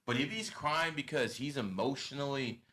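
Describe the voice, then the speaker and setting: A man's voice: medium pitch, moderate pace, bright, forceful tone, slight background noise. A man hosting a podcast, giving blunt and profane advice in a lecturing tone. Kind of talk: casual podcast talk.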